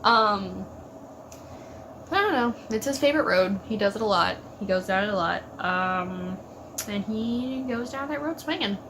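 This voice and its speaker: A woman's voice: mid-range voice, expressive, unhurried, background noise. A woman hosting a casual solo discussion, rambling with lots of fillers and exasperated asides. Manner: rambling, frustrated, with frequent fillers and laughs. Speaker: YouTube TV reaction host.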